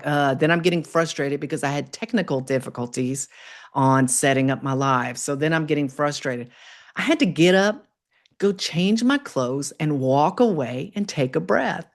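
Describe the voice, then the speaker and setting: Woman with a low voice doing a chatty motivational live stream, upbeat, pep-talk feel, swoops way up when she gets excited. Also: moderate pace. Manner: upbeat and encouraging, with swoops up in pitch on exclamations; chatty, reads out and answers viewer comments. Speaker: livestream host. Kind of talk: casual motivational livestream talk.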